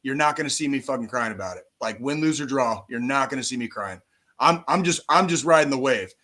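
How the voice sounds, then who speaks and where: Bright-voiced man ranting, swears a lot. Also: mid-range voice, fairly quick. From United States. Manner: profane, animated sports ranting. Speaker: podcast co-host. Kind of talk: casual chat.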